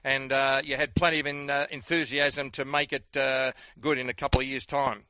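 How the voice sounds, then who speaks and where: A man's voice: medium pitch, flat delivery, normal speed, sharp tone, no echo. An Australian man hosting a radio interview, asking leading, reminiscing questions. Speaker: radio host. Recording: dry, dull lo-fi sound.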